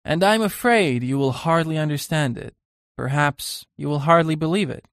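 A man's voice: fairly high pitch, normal speed, fairly bright tone, no echo, studio quality, pitched above the performer's own voice. A man reading an earnest, uneasy young painter.

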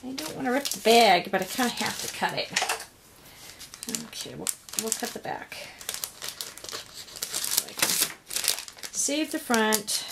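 Slow-talking, effusive woman, rather high voice. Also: very animated, creaky, heavy background noise. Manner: gushing, effusive, softly exclaiming. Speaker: crafter opening a swap gift. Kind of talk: unboxing vlog. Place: home craft room. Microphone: camera on tripod.

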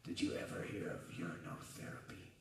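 A man voicing an odd male guitar student, muttering low and half-whispered, in a roomy live venue heard from far off. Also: a little fast, a crowd in the background, lightly acted. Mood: deadpan mumble.

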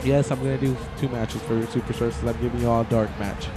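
Over music, a man with a medium-pitched voice rattles off excitable, rambling play-by-play for a wrestling video game at a quick pace, shouting whenever the big moves land.

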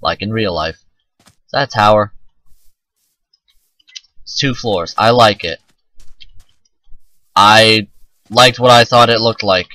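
A man's voice: lowish voice, slow pace, long pauses, bright, forceful tone, dry recording, rough recording. A man casually commenting on his own gameplay, rambling and self-mocking and swearing often. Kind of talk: casual let's-play commentary.

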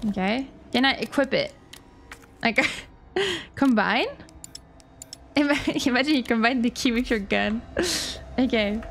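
A woman streamer commenting on a horror game, excitable, giggling and shrieking when scared, with game sounds behind. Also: a little high, unhurried, gravelly, long pauses. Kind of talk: live gaming commentary. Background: game music and sounds.

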